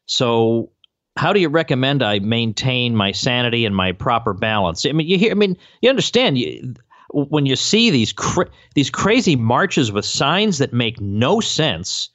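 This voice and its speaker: Man hosting a podcast, ranting and mocking, pitch jumps all over, dull lo-fi sound. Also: big pitch swings, measured pace, fairly bright tone, dry recording. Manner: exasperated, mocking rant. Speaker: podcast host. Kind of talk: casual political chat.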